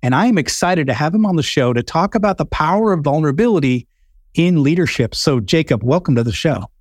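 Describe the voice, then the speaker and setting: A man hosts an interview podcast with a conversational, encouraging manner, his voice a touch high. The sound is close and dry. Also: animated, brisk, a little mellow, no room sound. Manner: conversational, encouraging, some fillers. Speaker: podcast host. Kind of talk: interview hosting.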